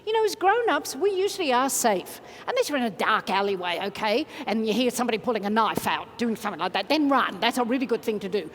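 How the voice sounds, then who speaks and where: High-voiced woman speaker, reverberant hall. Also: fast talker, few pauses, a little hiss or hum. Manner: energetic, exclamatory, coaxing the audience. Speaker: motivational speaker. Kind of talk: motivational keynote speech. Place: large conference hall. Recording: reverberant hall, faint ambience.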